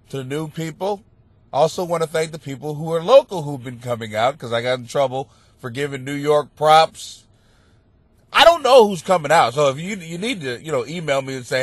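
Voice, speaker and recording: A man hosting his podcast, rambling through a profane, animated comic monologue. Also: a little high, moderate pace, no echo. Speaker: podcast host, comedian.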